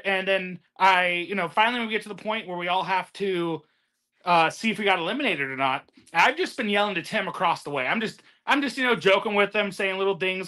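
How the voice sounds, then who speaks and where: A man and former game show contestant, telling stories in a casual group chat, animated and laughing often. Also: sits high.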